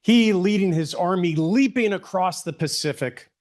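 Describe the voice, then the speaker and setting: A middle-aged man giving a public history lecture, relaxed and conversational with many ums and rhetorical questions. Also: high voice, normal speed.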